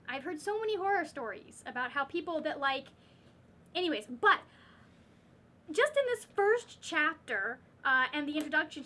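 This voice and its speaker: At home, a woman book vlogger chats casually about reading, rambling and ranting with plenty of fillers and restarts. Her voice sits high, pushed and bright, over a little hiss or hum.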